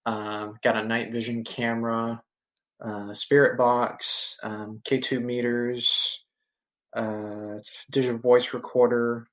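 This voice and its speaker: A man who is a podcast guest, telling a vivid first-person story in a casual interview and filling pauses with "you know". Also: mid-range voice, level tone. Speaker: podcast guest, ghost tour guide.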